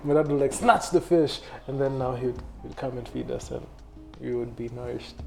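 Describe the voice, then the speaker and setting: A man's voice: mid-range voice, level tone, fairly quick, gravelly, faint music behind. A man in casual chat, telling family stories with playful exaggeration, laughing often and restarting his sentences. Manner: repeats words and restarts a lot.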